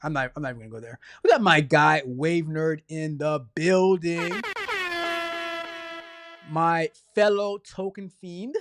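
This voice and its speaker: A man hosting a casual livestream, chatty and energetic, rambling along and stumbling over repeated words. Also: fairly high pitch, unhurried. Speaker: livestream host.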